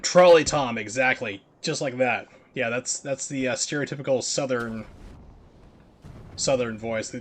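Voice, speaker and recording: An American man streams a video game and chats casually as he plays, rambling with lots of fillers. His mid-range voice is unhurried.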